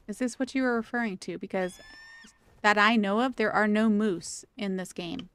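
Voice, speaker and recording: A woman talks playfully to her live-stream chat while she plays, teasing viewers and laughing easily. Her voice is smooth and clean, recorded dry and close with no room sound. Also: mid-range voice, moderate pace, fairly bright tone, dry recording. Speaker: gaming streamer.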